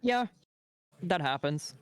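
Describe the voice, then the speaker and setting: Ranting Canadian man, clear higher voice. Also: slow, dry recording. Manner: animated, ranting, swears freely. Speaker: streamer. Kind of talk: casual chat on a stream.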